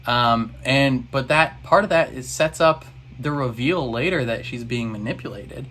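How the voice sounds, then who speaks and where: A man's voice: medium pitch, measured pace, fairly bright tone, a little hiss or hum. A man in a casual reaction video, recapping an episode in a rambling, exasperated way.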